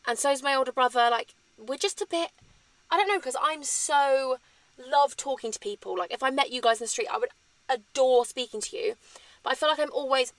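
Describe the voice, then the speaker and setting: A woman's voice: high-pitched, brisk, a bit bright, no room sound. A woman, chatting candidly in a rambling, emotional sit-down vlog. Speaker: vlogger.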